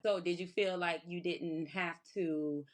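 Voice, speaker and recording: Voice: mid-range voice, steady tone, measured pace. Interviewer asking probing questions. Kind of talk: interview questions and short affirmations.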